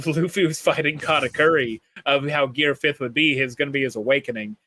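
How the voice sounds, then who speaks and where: A man's voice: medium pitch, fairly even intonation, fairly quick, bright, forceful tone. A man with a Southern US accent co-hosting a podcast, talking casually and rambling with many restarts. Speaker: podcast co-host. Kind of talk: casual chat.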